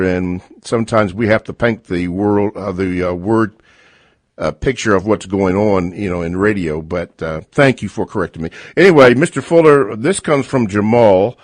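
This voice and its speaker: A man hosting a call-in radio show, reading out listener emails slowly with many fillers. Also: on the low side, no echo. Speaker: radio host.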